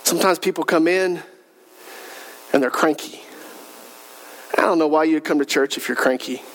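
A man's voice: on the high side, steady tone, moderate pace, rough recording. A male pastor preaching a sermon in a conversational style, with rhetorical questions, humorous asides and repeated emphatic lists.

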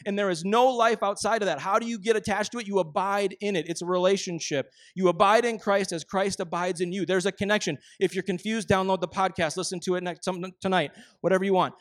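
A man preaching a sermon as pastor, emphatic, often dropping into slow, quiet intensity for key phrases. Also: high voice, fairly even intonation, no echo, studio quality.

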